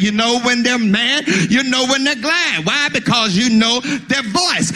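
A man preaching a sermon as pastor, building to shouted, sung calls. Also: very high-pitched.

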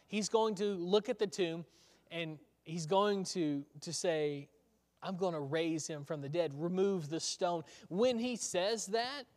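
A man's voice: sits high, a little mellow. A male preacher giving a sermon in a conversational storytelling way, asking the listeners rhetorical questions. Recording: long hall reverb.

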